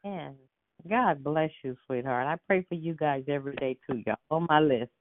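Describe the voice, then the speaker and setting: A woman's voice: sits low, moderate pace, a little hiss or hum. A woman leading a prayer line, praying fervently and repeating words of praise and thanks. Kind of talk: spoken prayer on a phone line. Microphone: phone. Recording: tinny phone line.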